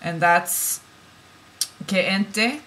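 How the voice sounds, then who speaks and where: Bright-voiced woman giving a card reading. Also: mid-range voice, drawn-out words, a little hiss or hum. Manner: emotional, swings from soft musing to heated swearing rants. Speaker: tarot reader.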